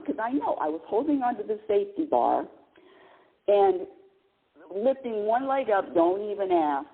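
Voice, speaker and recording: A woman in her sixties hosting a radio show, telling a personal story in an animated, chatty way with laughs and exclamations. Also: mid-range voice, slightly rough. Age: 60s. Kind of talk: casual spiritual talk radio monologue. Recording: tinny phone-line sound.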